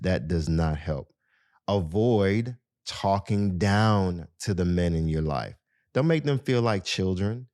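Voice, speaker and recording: A man's voice: deep voice, a little mellow, no room sound, clean studio sound. A man hosting a podcast, giving casual advice in a conversational way and speaking straight to his listeners, with lots of "you know" fillers. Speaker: podcast host.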